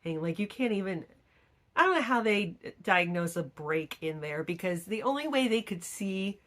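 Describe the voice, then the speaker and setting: A woman's voice: mid-range voice, expressive, normal speed, a bit bright. A middle-aged woman vlogger telling stories in casual chat, acting out the people she quotes. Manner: chatty storytelling, acts out quoted people.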